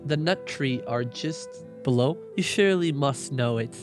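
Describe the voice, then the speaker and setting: A man's voice: medium pitch, a little slow, over music, lightly acted. A man voicing a naive young girl in a fairy tale, reading her lines aloud for laughs. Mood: innocent. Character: naive young girl Little Red Cap.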